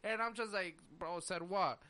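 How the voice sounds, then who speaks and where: A man's voice: sits high, moderate pace. A young man on a podcast telling a story in casual chat, full of "like" and acted-out quotes. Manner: animated storyteller acting out quotes, lots of "like". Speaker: podcast host.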